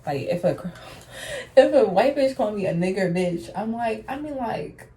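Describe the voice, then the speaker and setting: A woman's voice: medium pitch, expressive, moderate pace, dark tone, a little hiss or hum. A young woman vlogging casual girl talk while getting ready, blunt and sassy, swearing freely and calling viewers honey. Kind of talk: casual get-ready-with-me chat.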